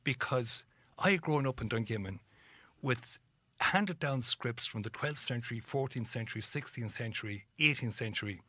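A man's voice: medium pitch, normal speed. A middle-aged Irish man, a guest on an interview, telling stories and acting out the voices of people he quotes. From Ireland. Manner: animated storyteller, acts out quoted voices. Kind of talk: storytelling interview.

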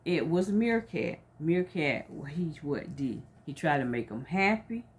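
A woman reading a storybook aloud to children, pausing to ask them coaxing, leading questions about feelings. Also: sits low, animated.

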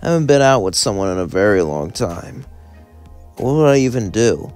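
A man voicing a gruff, tired cat demon bartender who mumbles hesitantly. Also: on the low side, expressive, normal speed, a little mellow, faint music behind, close to an everyday voice.

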